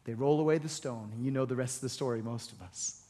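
A man preaching a sermon, retelling a Bible story with voiced lines and building to loud, shouted exhortation. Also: mid-range voice, fast. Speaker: pastor. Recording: long hall reverb.

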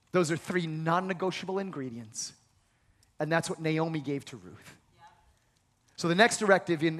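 This preacher's voice sits high with a fairly bright tone. In a recording full of hall reverb, he gives a dramatic, emphatic sermon, acting out dialogue and building toward emphatic, repeated phrases.

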